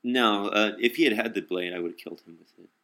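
A young man tells a personal anecdote in a low, forceful voice. He swears bluntly and stumbles into restarts as he goes. The delivery is casual and unscripted. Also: a little hiss or hum. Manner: profane, blunt, halting with restarts. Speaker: storyteller.

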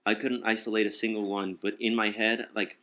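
A young man in casual talk, telling a story. He is animated, acts out quotes and swears freely. His voice sounds bright and tense. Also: on the low side, brisk.

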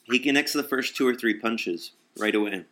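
A young man in casual talk, telling a story. He is animated, acts out quotes and swears freely. His voice sounds bright and tense. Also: mid-range voice, normal speed.

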